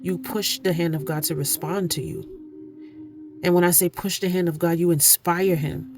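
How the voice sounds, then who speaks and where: A woman's voice: on the low side, steady tone, moderate pace, darkish tone. A woman giving an oracle card reading, earnest and preachy, repeating phrases for emphasis. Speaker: spiritual card reader. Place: indoor room, candles lit.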